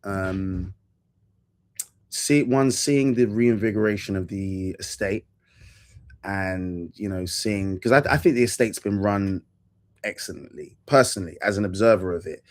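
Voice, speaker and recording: A man hosting a casual podcast chat, animated and quick, jumping into quoted voices as he talks. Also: on the low side. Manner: animated, rapid asides, jumps into quoted voices. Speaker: podcast host.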